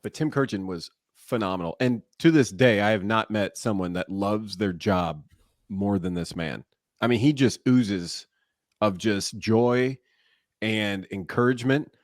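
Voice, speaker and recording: A man in his forties who once played baseball and later broadcast it tells stories as an interview guest, lively and laughing often as he goes. His voice is on the low side and unhurried, in a dry, studio-quality recording.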